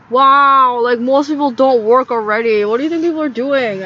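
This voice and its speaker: High-voiced young woman ranting. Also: normal speed, hardly any pauses, sharp tone. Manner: rambling, agitated, frequent "like" fillers. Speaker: vlogger. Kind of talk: rambling casual monologue. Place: in a tent. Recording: slightly dull lo-fi audio with faint background noise.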